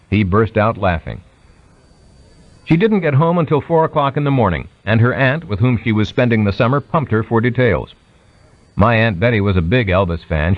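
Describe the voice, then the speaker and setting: A man reading a biography aloud as an audiobook narrator, raising his pitch for quoted speech. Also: no echo, narrow, tinny audio. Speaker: audiobook reader.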